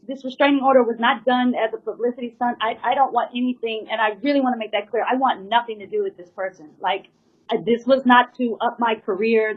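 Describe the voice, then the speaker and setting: A woman drummer giving an earnest, emotional personal account, rambling with many fillers and pleading at times. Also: fairly high pitch. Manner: rambling, full of "you know" and "like" fillers. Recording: slightly muffled lo-fi recording.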